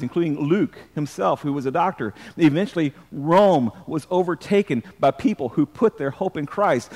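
High-voiced preaching man, echoing hall. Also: a little mellow. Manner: emphatic, repeats words, asks the congregation to respond. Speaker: pastor. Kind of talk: sermon.

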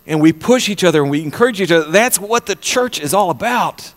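A pastor preaching an impassioned sermon, often repeating words and swinging between loud and hushed delivery. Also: male voice, high-pitched, animated, fairly quick, few pauses, in a large hall.

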